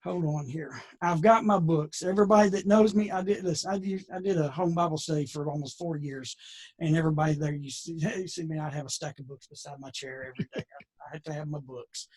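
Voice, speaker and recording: A man's voice: a little high, steady tone, fast, a little mellow, slightly rough. A man leading a conversational Bible lesson, folksy and digressive with many restarts. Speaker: Bible teacher.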